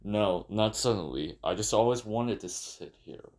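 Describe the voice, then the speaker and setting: A man's voice: on the low side, animated, a little slow. A man voicing a stubborn cartoon man who only wants to sit and relax, answering curtly in a fan animation dub. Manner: stubborn, curt.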